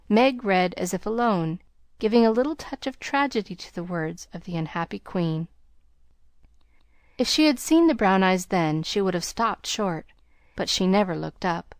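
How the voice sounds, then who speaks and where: A woman reading a classic novel aloud as an audiobook, in a calm, measured narrating voice. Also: lowish voice, dry recording, clean studio sound. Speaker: audiobook reader.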